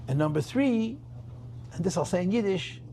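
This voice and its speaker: A man's voice: high voice, animated, moderate pace, vocal fry, dark tone, a little hiss or hum. A rabbi telling a story at a gathering, emphatic, repeating his phrases and mixing in Yiddish terms. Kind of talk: farbrengen storytelling talk.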